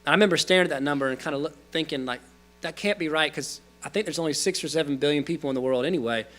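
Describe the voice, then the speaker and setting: A man's voice: a little high, racing, a bit bright. A man, giving a guest talk in a lecture hall, earnest and conversational with fillers and restarts. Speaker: guest speaker. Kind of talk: storytelling talk.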